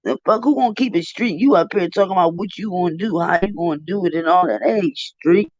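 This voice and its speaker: A man's voice: high voice, quick pace, dry recording. A man giving heated, profane live commentary on a stream. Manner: profane, indignant, ranting. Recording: dull dry lo-fi stream audio.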